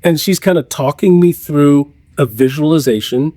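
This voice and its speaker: A man's voice: on the high side, dark tone, no room sound. Earnest man sharing personal habits. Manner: earnest, anecdotal, quick to laugh at himself. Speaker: podcast guest, entrepreneur. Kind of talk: casual interview chat.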